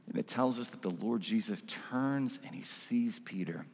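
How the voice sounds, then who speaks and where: A man's voice: on the low side, expressive, moderate pace, a little mellow, husky, in a large hall. A man preaching a sermon in a casual, conversational way, full of asides and "like"s. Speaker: pastor.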